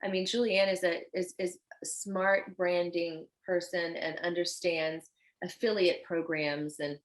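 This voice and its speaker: A woman's voice: on the low side, unhurried, low-quality recording. A woman guest on a podcast interview, a fashion designer speaking in an earnest, effusive way. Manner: earnest and effusive, animated when telling stories.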